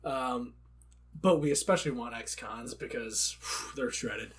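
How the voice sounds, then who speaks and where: A man's voice: medium pitch, measured pace. A man co-hosting a casual gaming podcast, joking crudely and rambling through his points. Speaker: podcast co-host. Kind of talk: casual chat.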